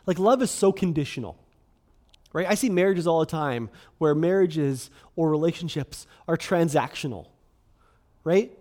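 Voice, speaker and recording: Pastor guy in his 30s preaching, kinda high voice, super chatty, lots of "like" and "right?". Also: warm tone. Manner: conversational, peppered with "right?" and "like". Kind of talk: sermon.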